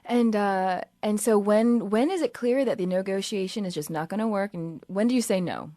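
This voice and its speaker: A woman hosts the interview, asking plain questions and adding short affirming interjections. Her pitch sits mid-range for a woman. The sound is dry and close, with no room behind her. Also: normal speed, warm tone, dry recording. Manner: brief affirming back-channels, plain questions. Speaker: show host. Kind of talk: interview hosting.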